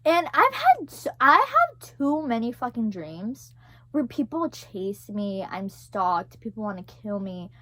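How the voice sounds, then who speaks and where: A young woman telling a story in a casual vlog, animated and profane, with many fillers. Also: fairly high pitch, slow, no echo. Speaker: vlogger.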